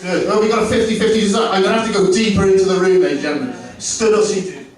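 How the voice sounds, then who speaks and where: A man's voice: sits high, racing. A man performing stand-up comedy, working the crowd and acting out both sides of his stories with animation. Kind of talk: stand-up set with crowd work. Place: comedy club. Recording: echoey club from far off.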